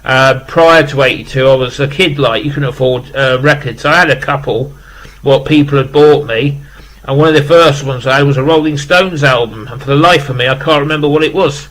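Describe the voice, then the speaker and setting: A man's voice: medium pitch, fairly quick, a bit bright, poor audio. A British man in his fifties chatting casually in an unboxing vlog, rambling with lots of fillers, emotional and close to tears. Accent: British English. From England. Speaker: vlogger.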